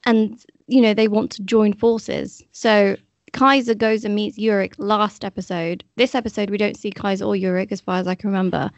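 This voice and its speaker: A woman's voice: medium pitch, steady tone, moderate pace, dry recording. A woman on a casual podcast chat, outspoken and blunt. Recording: slightly dull lo-fi mic.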